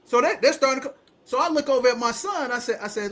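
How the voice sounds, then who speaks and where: A man in his forties hosting a casual talk show, telling a story in an animated way and acting out the people in it. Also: very high voice, fast. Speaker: host.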